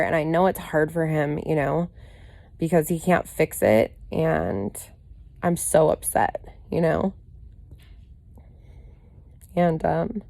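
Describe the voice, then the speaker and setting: A woman's voice: low-pitched, vocal fry, a little mellow, dry recording. A woman giving a candid, rambling personal video update, full of "you know" and "like" fillers and casual swearing. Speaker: vlogger.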